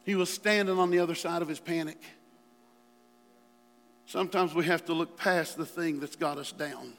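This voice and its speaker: A man preaching in a high, bright, ringing voice that swings between hushed pleading and fiery outbursts. His sermon rolls through a large church hall with a long reverb trailing each phrase. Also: fairly even intonation, moderate pace, long pauses. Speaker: pastor.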